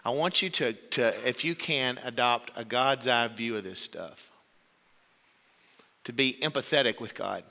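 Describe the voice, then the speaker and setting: A man's voice: medium pitch, unhurried, creaky, in a large hall. A man preaching a sermon, earnest, telling stories to make his point. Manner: earnest, storytelling, shouts out quoted voices.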